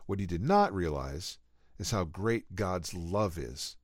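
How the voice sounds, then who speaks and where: Earnest, emphatic low-voiced man preaching. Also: lively intonation, slow, dry recording, studio quality. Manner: earnest, emphatic, rising on key phrases. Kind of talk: sermon-style teaching.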